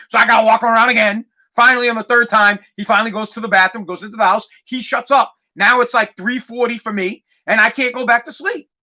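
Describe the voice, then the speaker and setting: A man in his thirties hosting a podcast, ranting casually and with exasperation, sometimes yelling. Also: sits high. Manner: exasperated ranting, yells and imitates barking. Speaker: podcast host. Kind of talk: casual comedic rant.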